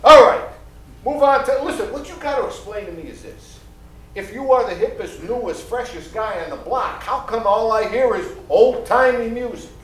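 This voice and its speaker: A guttural old-timey tough guy with hard vowels, as a man acts him out, pitched very high for a man. He is heard from afar, in a roomy stage sound with music behind. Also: lively intonation, normal speed, recorded from a distance. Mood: indignant. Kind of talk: 1940s-style sketch comedy acting.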